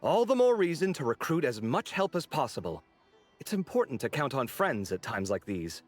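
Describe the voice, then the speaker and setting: A proud, fussy young architect in a game speaks with a mid-range voice that rises and falls a great deal. He leans into exasperated, sarcastic remarks with expressive emphasis. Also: mid-range voice, moderate pace, faint music behind. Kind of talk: game voice acting.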